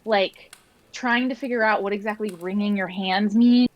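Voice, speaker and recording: A woman's voice: mid-range voice, steady tone, normal speed, highs cut off. A woman playing a tabletop game over an online call, talking in a rambling way with many fillers. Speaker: player. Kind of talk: casual tabletop play.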